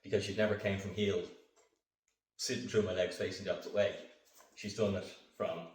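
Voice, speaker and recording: A man training his dog on camera, calmly explaining each step and breaking off for short commands and upbeat praise to the dog. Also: low-pitched, brisk, distant mic. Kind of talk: hands-on training demonstration. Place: indoor training room. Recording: echoey room, voice off-mic.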